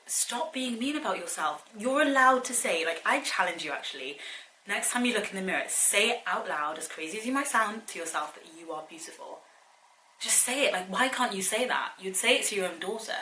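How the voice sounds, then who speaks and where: A woman's voice: medium pitch, pushed and bright, slight background noise. A young woman talking casually to her viewers, earnest and chatty, often challenging them directly. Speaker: vlogger. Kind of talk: casual advice vlog. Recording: echoey room.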